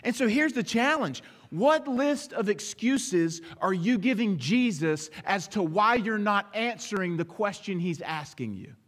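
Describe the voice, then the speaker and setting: A man preaching a sermon as pastor, animated, acting out short snatches of dialogue as he goes. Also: sits high, a little slow, hardly any pauses. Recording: long reverb of a large hall.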